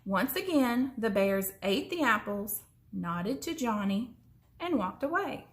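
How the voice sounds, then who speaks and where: A woman reading a children's story aloud in an expressive way, slowing down for suspense. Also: fairly high pitch. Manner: expressive, slows down for suspense, sometimes drops to a whisper.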